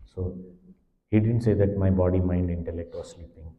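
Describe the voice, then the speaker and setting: A man giving a spiritual discourse as a swami, explaining scripture with Sanskrit and Hindi terms and animated emphasis. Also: deep voice, moderate pace. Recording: dull, echoey hall sound.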